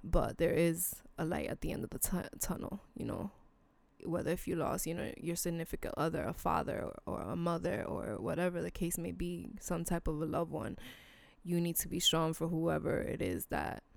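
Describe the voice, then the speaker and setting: A woman's voice: on the low side, moderate pace, vocal fry, a little mellow, no echo. A woman hosting a solo podcast, talking bluntly and earnestly to her listeners, casual and emotional, with some swearing. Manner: emotional, sincere appeals to listeners. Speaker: podcast host. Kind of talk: heartfelt solo podcast talk.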